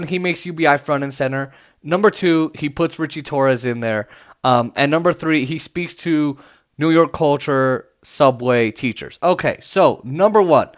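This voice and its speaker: A man hosting a podcast, giving casual political commentary in a loose, chatty way with many fillers and restarts. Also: on the high side. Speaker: podcast host.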